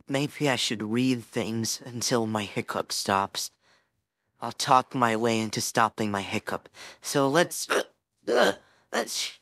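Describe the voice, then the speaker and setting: A woman's voice: low voice, fairly bright tone, dry recording, studio quality, exaggerated voice. A woman voicing a flustered teenage boy hero-in-training, rambling anxiously and talking himself up in a listener role-play. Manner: rambling, anxious, self-encouraging.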